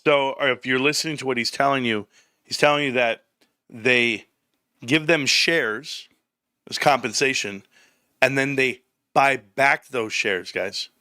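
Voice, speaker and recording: A man hosting a stock livestream, excitable and profane, often laughing and shouting. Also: medium pitch, measured pace, dry recording, clean studio sound. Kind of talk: livestream commentary.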